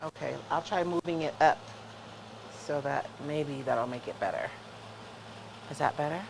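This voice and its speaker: A man's voice: fairly high pitch, normal speed, gravelly, noisy background. A man demonstrating crafts on a livestream, thinking aloud in a scattered, self-deprecating way. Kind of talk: casual craft demo chat.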